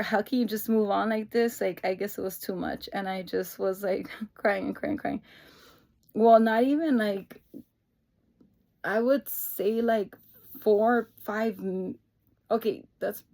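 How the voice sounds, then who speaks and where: A woman's voice: mid-range voice, a little mellow. A young woman vlogging casually about her week, rambling with fillers and restarts. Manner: rambling, many fillers and restarts, laughs through tears. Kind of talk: casual personal vlog storytelling.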